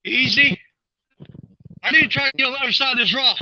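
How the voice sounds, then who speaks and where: A man, out of breath, giving excited live commentary to viewers while reeling in a fish outdoors. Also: very high-pitched, fast, long pauses, dull audio, a little hiss or hum. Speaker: fishing vlogger. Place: outdoors at the water's edge.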